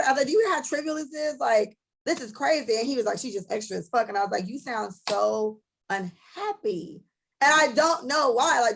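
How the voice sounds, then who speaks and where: A young woman with a slightly high, gravelly voice and a husky edge co-hosts a casual podcast. She tells her stories bluntly and profanely, acting out each side of an argument as she goes. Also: animated, a little fast, low-quality recording. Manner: blunt, profane storytelling that acts out both sides of arguments. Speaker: podcast co-host.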